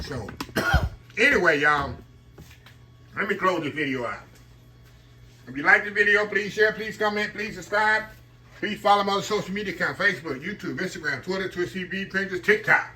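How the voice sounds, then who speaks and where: Host, male, folksy home cook talking to camera, slightly high, very bright, faint kitchen clatter. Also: slight background noise. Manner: folksy, repeats "y'all" and "look at that", hums while eating. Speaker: cooking channel host. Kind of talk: casual cooking vlog, tasting and chatting to viewers.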